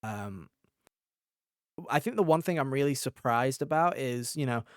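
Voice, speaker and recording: Smooth-voiced young man chatting about games. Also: medium pitch, measured pace, no echo, studio quality. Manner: animated storyteller, acts out quotes. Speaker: podcast co-host. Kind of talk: casual chat.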